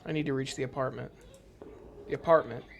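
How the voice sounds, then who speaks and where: A player talks through a horror game, reading each line aloud in a hushed, uneasy voice. The pitch sits in the middle range and the delivery stays tense and quiet. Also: fairly even intonation, fairly quick, vocal fry, a little hiss or hum. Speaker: gameplay commentator. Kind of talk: reading game dialogue aloud while playing.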